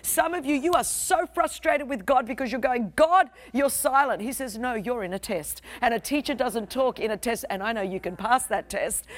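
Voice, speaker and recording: On the high side and recorded with no room sound, the voice belongs to a young adult woman pastor with an Australian accent. She preaches with a fervent, emphatic, repetitive rhythm.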